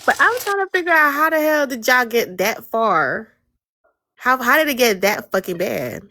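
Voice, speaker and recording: A woman's voice: on the high side, lively intonation, normal speed, bright, forceful tone, a little hiss or hum. A woman hosting a live audio chat room, blunt, teasing and profane in casual talk on a phone mic.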